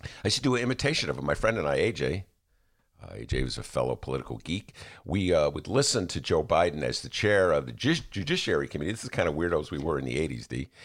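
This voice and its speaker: With a very deep voice and a quick pace, this radio talk show host banters animatedly on air, cracking jokes and breaking into impressions.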